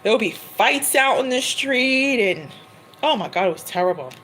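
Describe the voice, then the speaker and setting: A woman's voice: on the high side, lively intonation, moderate pace, a bit bright, slight background noise, rough recording. Chatty New woman, laughing often. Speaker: tarot reader livestream host. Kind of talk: casual chat to a livestream.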